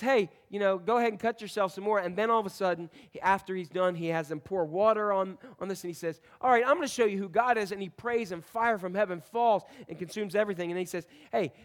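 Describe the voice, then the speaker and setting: A man with a high voice preaches a conversational sermon as pastor. He mixes folksy asides into his teaching. His delivery swings between loud emphasis and quiet asides.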